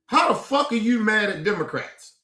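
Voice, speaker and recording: Streamer, male, high and bright-voiced, heated rants with shouted bursts, roomy sound. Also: big pitch swings, normal speed. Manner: profane, exasperated ranting, rising to shouts. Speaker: political commentary streamer. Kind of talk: casual heated commentary.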